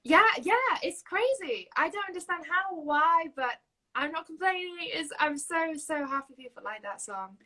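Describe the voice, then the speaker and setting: Her voice is high and sharp with lively intonation at a normal speed, though the recording quality is poor. This young Yorkshire woman, a singer-songwriter with a local accent, giggles and uses many fillers while chatting casually as an interview guest.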